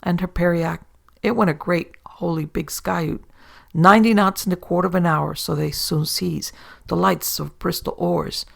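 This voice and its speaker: A woman's voice: on the low side, steady tone, moderate pace, vocal fry. A woman narrating a horror tale of the sea in a folksy sailor-yarn manner. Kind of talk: horror story reading.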